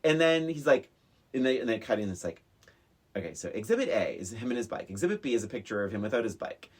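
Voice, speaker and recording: A man co-hosting a podcast in casual chat, excitable, laughing often as he acts out film scenes. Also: medium pitch, fast. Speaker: podcast co-host.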